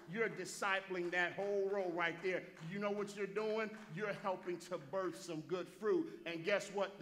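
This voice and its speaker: A pastor preaching a sermon in a church, repeating phrases and calling out to listeners by name. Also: male voice, high-pitched, fairly bright tone. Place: church sanctuary.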